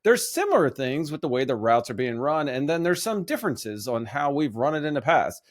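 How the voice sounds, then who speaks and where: A man's voice: on the high side, big pitch swings, fairly quick. A man doing an impression of a middle-aged male football coach who rambles earnestly in circles. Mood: earnest rambling.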